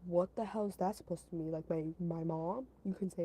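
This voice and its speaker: A young woman telling a casual storytime monologue to her viewers, emphatic and animated, with frequent restarts and acted quotes. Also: mid-range voice, fast, breathy edge, rough recording. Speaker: content creator.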